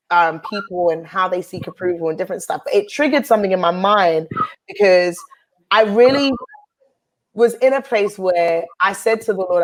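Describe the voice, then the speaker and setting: A woman's voice: mid-range voice, low-quality recording. A woman host and minister sharing a heartfelt personal testimony with an earnest, preaching cadence.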